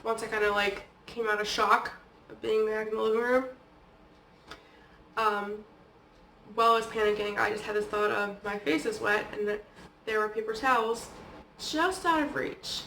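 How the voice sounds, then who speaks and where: A woman's voice: mid-range voice, fairly even intonation, moderate pace, creaky, long pauses, sharp tone, slight background noise. Chatty woman vlogger in an echoey room. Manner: chatty, peppered with "like" and "okay?". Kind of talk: casual personal storytelling. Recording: echoey room, distant from the mic.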